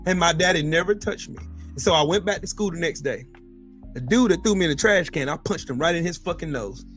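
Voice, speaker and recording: A man's voice: fairly high pitch, brisk, faint music behind. A man, a military veteran hosting a casual chat, telling profane stories with lots of laughter. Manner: animated, profane, laughing storyteller. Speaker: podcast host, military veteran.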